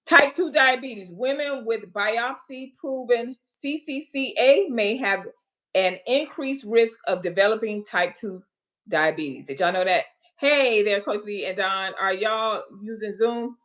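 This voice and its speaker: A woman hosting a casual livestream, chatting straight to her viewers with folksy asides and haltingly reading out health facts between comments. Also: a little high, fairly bright tone. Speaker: livestream host.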